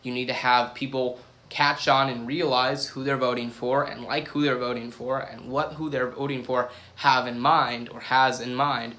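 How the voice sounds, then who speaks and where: A man's voice: medium pitch, sharp tone. A young man hosting a podcast, giving his views in a loose, rambling way, with many restarts and some casual swearing. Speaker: podcast host. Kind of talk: casual solo commentary.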